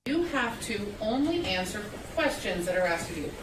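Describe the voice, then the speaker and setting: A woman's voice: medium pitch, very animated, moderate pace. A woman serving as judge, firmly instructing a witness in court. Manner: firm, stern. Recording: echoey courtroom, distant mic, noisy.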